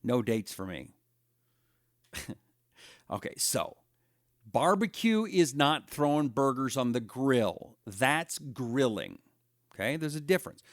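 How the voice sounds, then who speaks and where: Animated, joking male talk host. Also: medium pitch, slow pace, pauses often, no echo, studio quality. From Washington State, USA. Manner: rambling, joking, reads viewer comments. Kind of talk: casual live-stream talk show.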